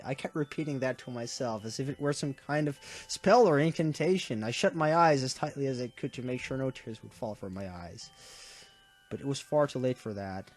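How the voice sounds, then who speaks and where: A man's voice: medium pitch, normal speed, darkish tone. Brief: young man, tearful, voice cracking, earnest story narration over faint game music. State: tearful, voice breaking. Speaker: gaming YouTuber. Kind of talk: reading a visual novel aloud.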